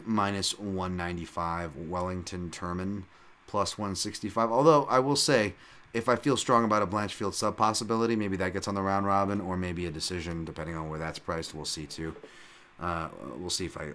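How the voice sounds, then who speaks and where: A man with a fairly low voice hosts a podcast and talks through fight bets in a loose, off-the-cuff way. He rambles, restarts his sentences, leans on fillers and swears casually. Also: a bit bright. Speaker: podcast host. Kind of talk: casual fight-betting breakdown.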